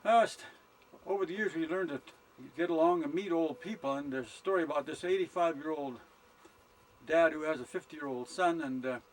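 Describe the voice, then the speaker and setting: An older Canadian man tells rambling, folksy jokes outdoors at a summer campsite while his wife films him on a camcorder. His voice is a little high, his delivery unhurried and full of "uh" fillers, and the recording quality is low.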